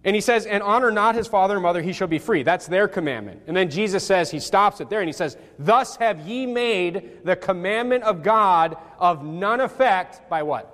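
A high-pitched man preaches in a loose, conversational way, leaning on fillers and voicing each quoted line with gusto. His voice rings out with a long reverb tail, as if filling a large hall. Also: moderate pace, hardly any pauses. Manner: animated, acts out quotes, frequent fillers. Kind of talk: casual Bible-study sermon.

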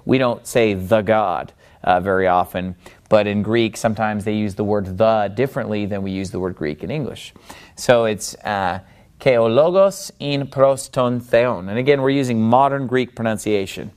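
A man giving a Bible-language lesson at a board, explaining patiently and slowing down to stress syllables when he models words. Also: on the low side, fairly even intonation, darkish tone, clear, resonant tone. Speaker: teacher.

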